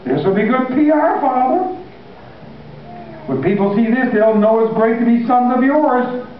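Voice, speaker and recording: A man's voice: extremely high pitch, animated, unhurried, a little hiss or hum, pitched above the performer's own voice. A preacher playing complacent grown sons who talk down soothingly to their frantic father. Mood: smug. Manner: smug, patronizing, breezy. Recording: echoey hall from far off, dull.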